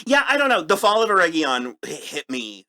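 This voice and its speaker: A man co-hosting a podcast, chatting casually in a review, halting and laughing often. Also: a little high, sing-song, bright, forceful tone. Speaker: podcast co-host.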